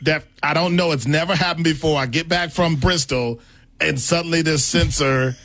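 A man's voice: fairly high pitch, fairly even intonation, normal speed, a bit bright. A male sports radio co-host teasing his partner in casual banter, laughing often and talking over him.

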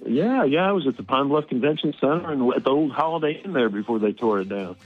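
Husky guy phoning into the radio, dull lo-fi line, faint music, laid back. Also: mid-range voice, expressive, fast talker. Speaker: caller. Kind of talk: phone-in radio chat.

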